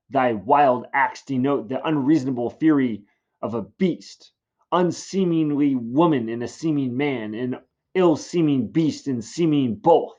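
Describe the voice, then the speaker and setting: A man's voice: medium pitch, darkish tone, lo-fi sound. A man reading as a stern old friar. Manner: earnest, declamatory reading of verse. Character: stern, moralizing older male friar.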